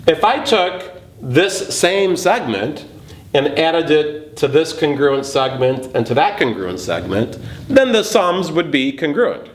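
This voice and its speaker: A male math teacher talks through a geometry proof at an unhurried, deliberate pace. His voice sits at an ordinary pitch and carries the echo of a roomy space, with a faint hiss underneath. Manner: slow, thinking aloud while working a proof. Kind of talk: geometry lesson lecture. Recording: roomy recording with faint noise.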